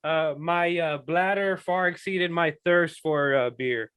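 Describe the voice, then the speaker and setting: High-voiced joking podcast co-host. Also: male voice, takes it slowly, a bit bright, clear, resonant tone, dry recording. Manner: joking, ranting, swears casually. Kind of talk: casual chat.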